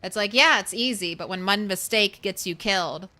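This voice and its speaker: A woman's voice: medium pitch, moderate pace, pushed and bright. A young woman streaming a survival game, chatting casually and swearing now and then as she talks to viewers and her animals. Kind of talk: casual gameplay commentary.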